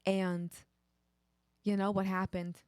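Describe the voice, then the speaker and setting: A woman voicing a woman astronaut in a put-on Boston accent, telling her tale in a drawn-out way. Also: mid-range voice, level tone, a little mellow, smooth, no room sound, studio quality, pitched below the performer's own voice, natural voice. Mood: storytelling.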